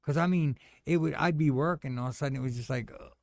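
A middle-aged man telling a personal story in casual chat, animated and acting out the voices of others. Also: mid-range voice, fast, dry recording. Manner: animated storyteller, acts out quoted voices, says "man" a lot.

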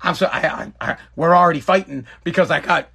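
A man's voice: on the high side, fairly quick, vocal fry, pushed and bright, slightly rough. A man hosting a podcast, ranting in an exasperated, emphatic way and repeating himself for effect. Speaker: podcast host. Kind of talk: casual podcast rant.

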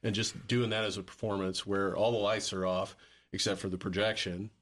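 A man's voice: fairly low pitch, little pitch movement, brisk, a bit bright. A man musician chatting casually, rambling with restarts and casual swearing. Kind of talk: casual chat.

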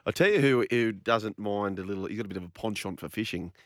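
A man with an Australian accent co-hosting a radio show, teasing and giggling through quick asides. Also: on the low side, fairly bright tone, no room sound, clean studio sound. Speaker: radio co-host. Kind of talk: comedic radio banter.

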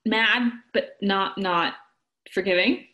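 A woman chatting casually, telling a story in an animated way, acting out quotes and laughing often. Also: medium pitch, takes it slowly, lo-fi sound. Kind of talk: casual chat.

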